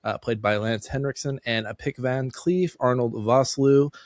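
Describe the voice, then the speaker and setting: A man's voice: medium pitch, a little slow, no echo. A man in his thirties hosting a podcast, reading a film summary aloud with dry asides. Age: 30s. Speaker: podcast host.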